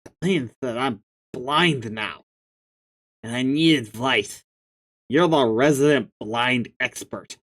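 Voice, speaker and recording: A man voicing a blunt, gloomy young male alien troll who has just gone blind, in a low, flat, quiet voice. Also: takes it slowly. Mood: deadpan. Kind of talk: dramatic reading of a webcomic.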